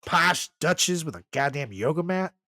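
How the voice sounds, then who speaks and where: A man's voice: on the high side, very animated, moderate pace, sharp tone, no echo. A man in his thirties co-hosting a comedy podcast, riffing in a profane, laughing, casual way. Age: 30s. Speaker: podcast co-host.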